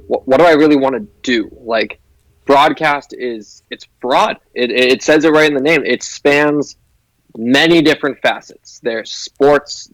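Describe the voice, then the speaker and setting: A man's voice: mid-range voice, dry recording, poor audio. Young guy guesting on a show, talks eager and chatty, says like a lot, medium voice, dry mic. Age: young adult. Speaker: guest, broadcasting student. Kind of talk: casual interview chat.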